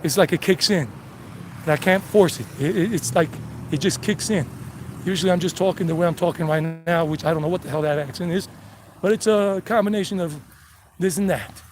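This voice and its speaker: A man's voice: high voice, a little fast. A man with a mix of South Carolina and New York accents, chatting casually on a live-streamed walking tour, rambling as he walks outdoors and reads chat messages from his phone. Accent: mixed South Carolina and New York. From United States. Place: outdoors on city streets, traffic passing. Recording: faint street traffic noise.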